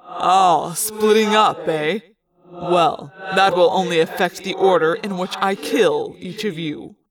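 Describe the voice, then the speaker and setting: A cold, mocking alien warlord drawls out his threats in a fan-made audiobook reading, as a woman puts him on. His voice sits low and quiet, each word slow and sinister. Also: recorded from a distance, a crowd in the background. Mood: taunting. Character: menacing male alien warlord, cruel and mocking.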